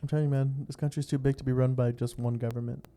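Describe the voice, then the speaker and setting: A man's voice: medium pitch, level tone, fast, warm tone. A young man from California co-hosting a podcast, talking in a laid-back, rambling way with lots of fillers and swearing. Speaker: podcast co-host. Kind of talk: casual chat.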